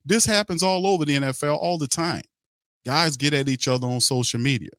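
A man's voice: on the high side, brisk, a bit bright, no room sound. A middle-aged man hosting a sports podcast, ranting bluntly and heatedly, swearing and repeating himself. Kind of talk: opinionated sports talk.

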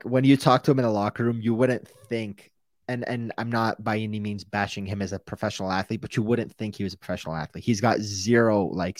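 A man with an American accent co-hosting a sports podcast in casual chat, rambling and animated, swearing freely. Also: lowish voice, no room sound, studio quality. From United States.

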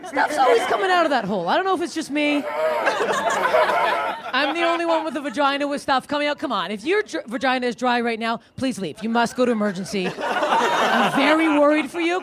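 A woman's voice: sits high, expressive, fast. A woman from Canada performing a crude stand-up set, teasing the audience and laughing through her lines. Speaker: stand-up comic. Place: comedy club stage. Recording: live club recording with loud crowd and noise.

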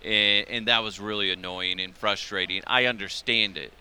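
Very bright-voiced loose-talking man host. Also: fairly low pitch, fairly even intonation, normal speed, smooth. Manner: loose, profane, laughs at his own jokes. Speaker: podcast host. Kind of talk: casual chat. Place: convention radio row.

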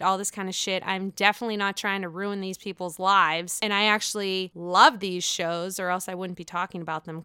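A young woman dishes on a reality show in a casual, sassy recap, swearing freely and throwing shade. Her voice is bright and crisp. It is recorded dry and close, with no room sound. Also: medium pitch, no room sound. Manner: sassy, profane, mimics cast members in quick put-on voices.

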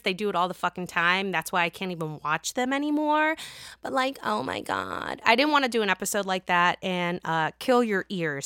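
A woman with a Pittsburgh accent hosting a gossip podcast, chatting casually with lots of swearing and sudden bursts of loudness. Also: mid-range voice, clear, resonant tone, no echo, studio quality. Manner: chatty, profane, animated swings in loudness. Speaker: podcast host.

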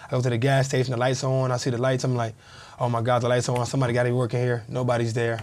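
A man's voice: mid-range voice, racing. A man in his thirties, a former pro football player, telling a story in a casual interview and acting out the people in it. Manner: animated storyteller, acts out quoted voices.

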